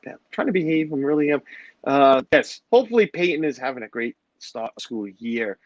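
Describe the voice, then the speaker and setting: A man's voice: mid-range voice, animated, fairly quick, no room sound, lo-fi sound. A middle-aged man hosting a livestream, rambling and joking as he greets his chat. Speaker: livestream host. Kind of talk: casual chat with a live audience.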